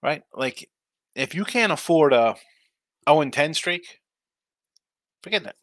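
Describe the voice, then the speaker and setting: Male betting-picks host, tired and rambling, bright tone, dry close mic. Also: a little high, lively intonation, a little slow, no echo. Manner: loose, rambling, reads chat aloud. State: tired, yawning. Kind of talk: casual live-stream chat.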